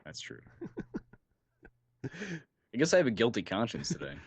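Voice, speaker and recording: A man's voice: mid-range voice, wildly swooping pitch, fairly quick, slightly rough, no echo. A man co-hosting a podcast, tossing in profane, wisecracking quips during casual banter. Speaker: podcast co-host.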